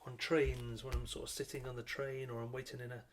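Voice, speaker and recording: A middle-aged man, a children's illustrator, chatting in a friendly, unhurried way to children while he draws, with frequent ums. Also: mid-range voice, level tone, a little hiss or hum. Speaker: children's author and illustrator leading a drawing workshop.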